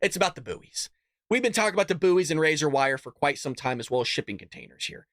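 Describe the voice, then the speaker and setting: A man's voice: on the high side, lively intonation, fast, a bit bright, no echo, studio quality. A man hosting his own political commentary show, talking bluntly and animatedly, with laughing asides. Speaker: host.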